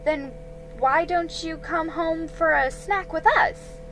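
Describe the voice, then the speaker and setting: A woman's voice: very high-pitched, slow, fairly bright tone, voice pushed up, full character voice, poor audio. A woman voicing a poised young woman detective, polite and assured, read over background music. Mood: calm, kind.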